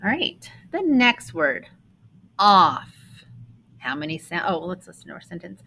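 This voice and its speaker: A woman's voice: fairly low pitch, very animated, unhurried, gravelly, pauses often, pushed and bright, slightly rough, rough recording. A woman teaching a phonics lesson to young children, patiently sounding out words and spelling rules.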